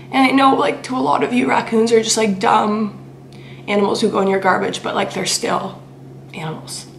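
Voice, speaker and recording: Young female vlogger, gravelly fry, echoey home room, rambling and emotional. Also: mid-range voice, a little hiss or hum. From Canada. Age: young adult. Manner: emotional, rambling, lots of "like" fillers. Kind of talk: chatty vlog storytelling.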